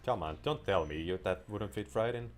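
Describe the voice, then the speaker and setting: A man's voice: fairly low pitch, brisk. A man giving casual, playful gameplay commentary as a gaming video creator, rambling and joking as he plays. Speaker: gaming YouTuber.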